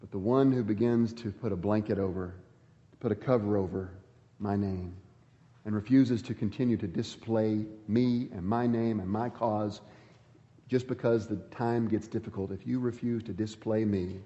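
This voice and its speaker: Man, pastor, emphatic sermon, dramatic swings, warm low tone, long hall echo. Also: fairly even intonation, moderate pace, highs cut off. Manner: emphatic preaching with dramatic swings in pitch and volume.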